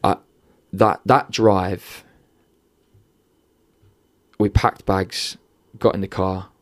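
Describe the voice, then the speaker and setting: Guy telling a sad story, low voice, kinda flat, choked up, lots of swearing. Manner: candid, heavy swearing, halting restarts. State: emotional, near tears. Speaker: podcast guest. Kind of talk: emotional interview storytelling.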